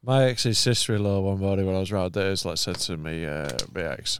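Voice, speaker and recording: A man's voice: sits low, fairly even intonation. A man on a podcast telling crude stories and making sardonic jokes. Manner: sardonic, swings between quick quips and drawn-out jokes. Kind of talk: crude banter. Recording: noisy podcast audio.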